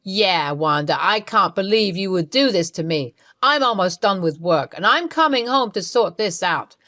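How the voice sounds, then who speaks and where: A woman's voice: mid-range voice, animated, moderate pace, sharp tone, dry recording, clean studio sound. A woman voicing a wounded, angry young husband. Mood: hurt angry.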